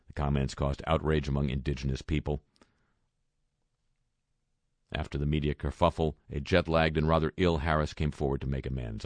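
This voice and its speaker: Man, very low voice, wry news commentary, sarcastic asides, dry close mic. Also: little pitch movement, fast, a little mellow, dry recording. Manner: dry, sarcastic asides between read quotes. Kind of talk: wry spoken news roundup.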